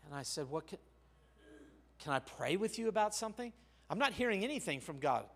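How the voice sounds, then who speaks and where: An older male pastor preaching a sermon, telling a personal story with sharp shifts between quiet and loud. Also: sits high, very animated, brisk. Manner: storytelling, with big swings of loudness.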